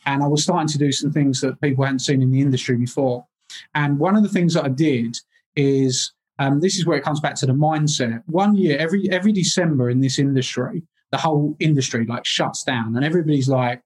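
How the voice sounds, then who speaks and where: A man's voice: on the high side, fairly quick, a little mellow, husky. Confident motivational businessman. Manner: confident, motivational, repetitive emphasis. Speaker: business coach, guest. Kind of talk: casual interview.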